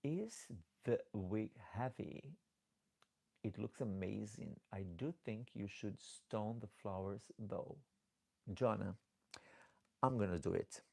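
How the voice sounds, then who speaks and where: A man's voice: lowish voice, slow, creaky, dark tone. A man hosting a casual live stream as a drag performer, chatty and affectionate, who calls his viewers darlings and often repeats and restarts words as he reads their comments aloud.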